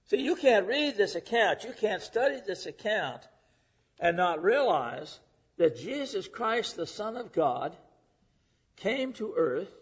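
A middle-aged male preacher delivering a sermon, rising to loud emphasis and dropping to hushed, whispered lines. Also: high voice, slightly rough. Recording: dull lo-fi recording.

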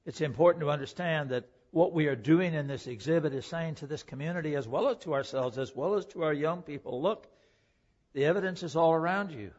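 A man preaching a sermon, emphatic, swinging between loud declaring and hushed, quiet passages. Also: fairly high pitch, brisk. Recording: dull lo-fi recording.

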